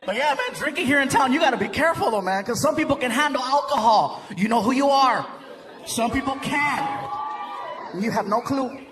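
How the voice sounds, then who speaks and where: A man performing stand-up comedy, telling animated stories with sudden shouts and put-on voices. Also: very high-pitched, fast talker, hardly any pauses, a loud crowd, heavy background noise.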